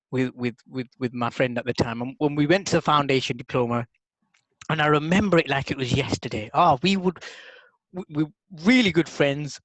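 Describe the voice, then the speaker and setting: Man, co-host, animated storyteller, higher voice, dry close sound. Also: no echo, poor audio. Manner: animated storyteller, repeats words when excited. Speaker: podcast co-host, NLP practitioner. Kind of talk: casual storytelling chat.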